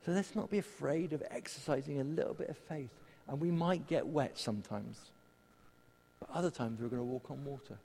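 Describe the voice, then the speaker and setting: A man preaches to a congregation in a relaxed, conversational way, slipping in self-deprecating jokes between points. His mid-pitched voice carries a long reverb from a large church hall. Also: brisk, creaky, breathy edge. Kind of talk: sermon with prayer.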